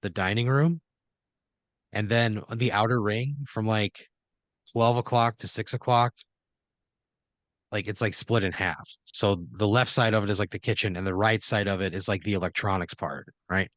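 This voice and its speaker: A man's voice: fairly low pitch, steady tone, moderate pace, fairly bright tone, dry recording. A man hosting a comedy podcast, telling an improvised story in a rambling way full of "like" and "you know". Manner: rambling, filler-heavy scene-setting with acted-out quotes. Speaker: podcast host.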